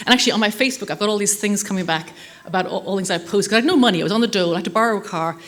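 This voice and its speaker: Fast-talking woman. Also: mid-range voice. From Ireland. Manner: chatty, anecdotal, self-deprecating humor. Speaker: conference speaker. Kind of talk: conference talk. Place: conference hall.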